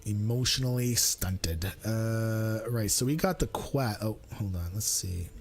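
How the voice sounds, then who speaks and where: While live-streaming a game, a man chats casually, thinking aloud, mumbling asides, and playfully teasing himself. His voice is fairly low and unhurried, with faint music in the background.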